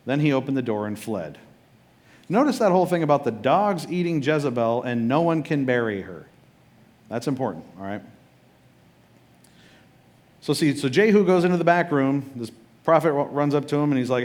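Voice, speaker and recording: A man's voice: medium pitch, expressive, moderate pace, pauses often, darkish tone. A male pastor preaching a sermon, retelling scripture casually with jokes and acted-out quotes.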